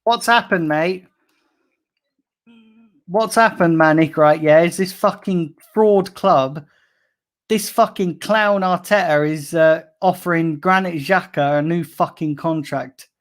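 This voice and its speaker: A man's voice: on the high side, slow. An irate man rants into his live stream from a room at home, swearing freely. He breaks off to read the chat out before launching back into his complaints as a fed-up fan. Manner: angry, swearing, ranting. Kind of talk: live stream rant reading chat comments.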